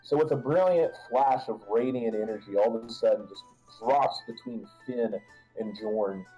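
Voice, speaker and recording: A man's voice: mid-range voice, moderate pace, warm tone, slightly rough, soft background music, low-quality recording. A man narrating a tabletop game as game master, rambling with restarts and filler words.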